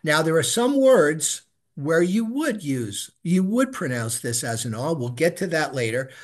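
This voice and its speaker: A middle-aged man leads a beginners' Hebrew reading class and patiently models each sound for the students to repeat. His voice sits a little high, and he talks slowly and without hurry. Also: very animated. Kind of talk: live class instruction.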